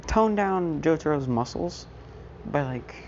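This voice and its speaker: Low-voiced woman rambling about a fan story, slang, calls herself an idiot, muffled mic and background hiss. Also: lively intonation, unhurried, a little mellow. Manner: slangy, self-mocking, loses her train of thought.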